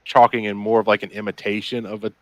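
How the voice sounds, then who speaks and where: A man from the Midwestern US chatting casually on a podcast, laid-back and quick to laugh, sometimes mimicking accents. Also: fairly low pitch, little pitch movement, no echo. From Midwestern United States. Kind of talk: casual chat.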